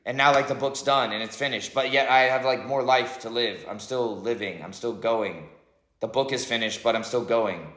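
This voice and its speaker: Speaking at a normal speed, a thirty-something vlogger with a mid-range, fairly bright voice wanders through reflective spiritual thoughts. Frequent swearing and fillers like "like" and "right?" run through his talk, which is recorded in an echoey room.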